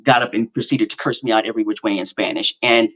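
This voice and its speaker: A man's voice: on the low side, fairly even intonation, fast talker, sharp tone. A middle-aged man hosting a podcast, telling a story in a casual monologue with lots of fillers, restarts and self-mocking asides. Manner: rambling, with many fillers and self-corrections. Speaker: podcast host. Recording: slightly dull lo-fi audio.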